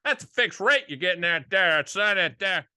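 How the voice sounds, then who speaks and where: A man's voice: sits high, animated, moderate pace, bright, forceful tone, clear, resonant tone, no echo, studio quality, heavily acted. A man putting on a drawling folksy Southern gent.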